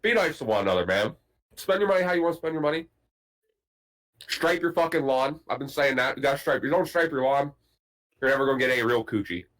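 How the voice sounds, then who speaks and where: A man's voice: mid-range voice, lively intonation, fast, fairly bright tone, poor audio. A man hosting a podcast, telling a casual story in a profane, boisterous, joking way. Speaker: podcast host.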